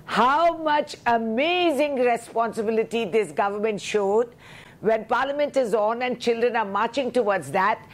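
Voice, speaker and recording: A woman's voice: on the high side, a little slow. A woman member of parliament, speaking with indignation and rhetorical questions in a heated news interview.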